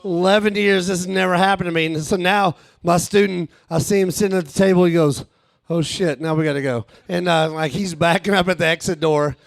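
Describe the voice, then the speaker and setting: A man, telling a profane, animated stand-up story at a live show. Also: high-pitched, brisk, gravelly, hardly any pauses, no echo. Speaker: stand-up comedian. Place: live show with a small audience.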